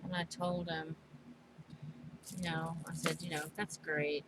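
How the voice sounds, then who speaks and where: Slow-talking woman, halting and emotional. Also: low voice, flat delivery, very noisy. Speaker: crafting vlogger. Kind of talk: casual chat while crafting.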